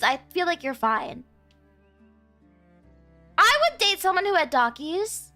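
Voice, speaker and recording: High, bright-voiced playful woman streamer. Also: animated, moderate pace, long pauses, soft background music. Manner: playful, teasing, giggly banter with chat. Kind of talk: casual stream chat.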